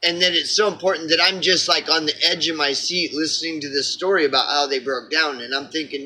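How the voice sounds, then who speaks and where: Man, Oklahoma accent, rambling rant, exasperated, profane, forceful tense voice, fairly high. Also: steady tone, brisk, hardly any pauses, low-quality recording. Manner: exasperated, profane, full of fillers and restarts. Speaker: vlogger.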